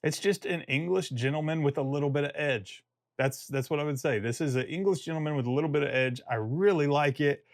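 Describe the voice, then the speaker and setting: A man's voice: on the high side, fairly quick, no echo, studio quality. A man giving a casual video review of a fragrance, rambling and joking and often breaking off mid-thought. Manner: rambling, self-interrupting, jokey.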